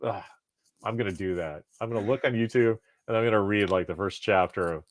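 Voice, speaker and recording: A man hosting a podcast in casual chat, animated and laughing often. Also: on the low side, brisk, no room sound. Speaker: podcast host.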